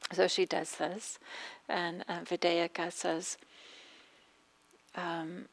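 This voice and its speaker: A woman meditation teacher giving a dharma talk, speaking gently with pauses and a slightly scratchy throat. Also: fairly low pitch, level tone, creaky. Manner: gentle, soft-spoken with frequent pauses and fillers.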